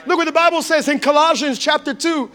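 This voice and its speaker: A male pastor giving a sermon, swinging between impassioned shouts and hushed, intimate tones. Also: extremely high pitch, fairly even intonation, fairly quick.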